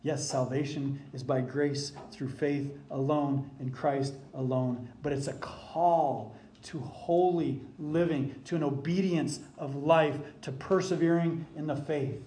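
A man's voice: fairly high pitch, steady tone, slow, mellow, a little hiss or hum. Emphatic preaching man in an echoey hall. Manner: emphatic preaching, rising for scripture quotes. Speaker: pastor. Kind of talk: sermon.

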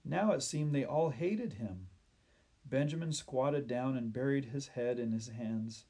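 A male storyteller reads a children's tale at a gentle, measured pace. He lets the sad moments slow and soften. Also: medium pitch, expressive. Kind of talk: children's Bible story reading.

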